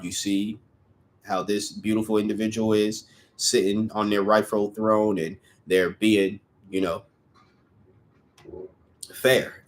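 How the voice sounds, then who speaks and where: A young man giving a casual tarot reading, chatty and rambling, who sometimes stumbles over his words. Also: lowish voice. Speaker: tarot reader.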